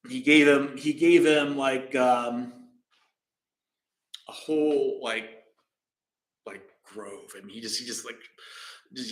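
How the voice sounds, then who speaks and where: Brief: casual male meditation teacher, bright voice, roomy echo, rambling storyteller. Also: medium pitch. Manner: casual, rambling, many fillers. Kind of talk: dharma talk storytelling.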